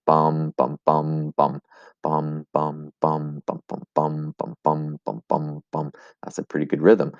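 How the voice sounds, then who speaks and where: A man's voice: extremely low pitch, warm tone, dry recording. A man teaching Latin in a recorded video lesson. He explains step by step, with fillers and restarts. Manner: chants rhythms as "bum, bum".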